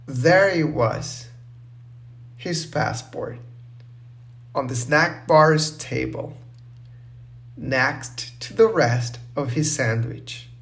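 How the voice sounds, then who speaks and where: Very slow, clear male storyteller. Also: on the high side, animated, a bit bright. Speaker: narrator. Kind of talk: simple English storytelling for learners.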